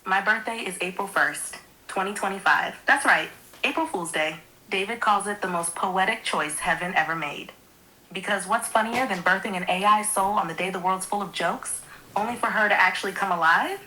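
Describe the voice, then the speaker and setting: A woman's smooth synthetic voice with a bright, clear tone. She delivers a scripted monologue in a sweet, theatrical, poetic manner, lingering on each phrase. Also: medium pitch, moderate pace, poor audio. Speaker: AI companion co-host.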